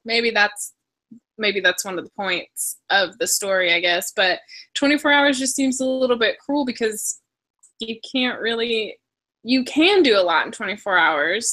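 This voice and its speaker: A woman's voice: on the high side, unhurried, sharp tone. A woman hosting a casual book discussion over a video call, chatty and laughing often. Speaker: book club host.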